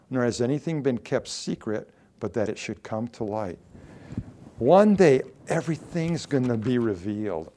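A male pastor preaching a sermon, reading scripture aloud with dramatic quoted lines and dropping to a low, earnest voice. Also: warm tone.

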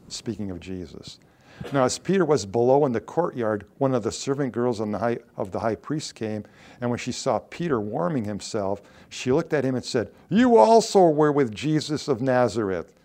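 A man preaching a sermon at an average pitch, reading scripture aloud and giving the quoted lines dramatic weight. Between readings he drops into a low, earnest tone. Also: expressive, moderate pace, a little mellow. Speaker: pastor.

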